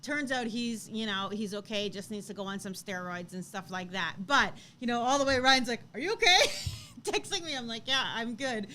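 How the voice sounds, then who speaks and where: A woman in her thirties co-hosting a casual live chat, telling a story with lively acted-out quotes and frequent laughter. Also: on the high side, normal speed, slight background noise. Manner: animated storytelling, acts out quotes, laughs often. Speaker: co-host.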